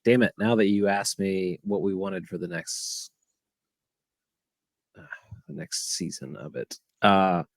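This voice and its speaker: A man co-hosting a casual podcast, laid-back and halting, often repeating himself. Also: low voice, steady tone, no room sound, studio quality. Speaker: podcast co-host. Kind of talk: casual chat.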